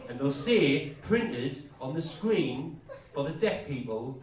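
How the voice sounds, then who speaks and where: A man's voice: a little high, takes it slowly. A man with an English accent doing a crude, self-deprecating stand-up routine on a comedy club stage. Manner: crude, self-deprecating, deadpan asides with rising rants. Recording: echoey club from far off, crowd laughter.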